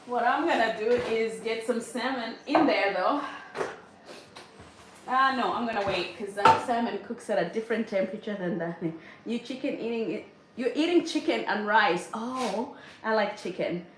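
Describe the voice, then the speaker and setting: Mom cooking dinner on a livestream, kinda high voice, roomy kitchen echo, chatting with viewers. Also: female voice, moderate pace. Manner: chatty, reads viewer comments aloud, frequent laughs. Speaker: livestream host, mother of a large family. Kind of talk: casual livestream chat while cooking. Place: home kitchen. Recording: echoey kitchen with faint noise.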